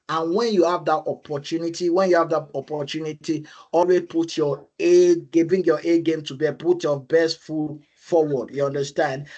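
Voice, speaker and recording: A man's voice: a little high, a little mellow, lo-fi sound. A man speaking on a webinar, giving career advice in an earnest, repetitive way, often pleading "please" and checking "you understand?".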